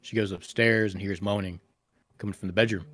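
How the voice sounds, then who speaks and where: Low-voiced dude on a podcast, swearing a lot, rambling through a story, dry close sound. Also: male voice, fairly even intonation, a little fast, a bit bright, dry recording. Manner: crude, rambling retelling with profanity. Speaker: podcast co-host. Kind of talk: casual podcast chat.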